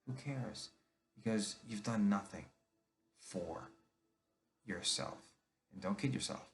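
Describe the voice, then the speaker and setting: A man's voice: lowish voice, slow. A middle-aged man from New Jersey telling his own story in a candid, confessional monologue.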